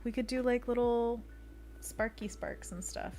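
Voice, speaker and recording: This illustrator's voice is a bit high, a bit slow and somewhat mellow, with soft music playing behind her. She's streaming a casual sketching session, narrating as she draws, reading out chat and making small sound effects.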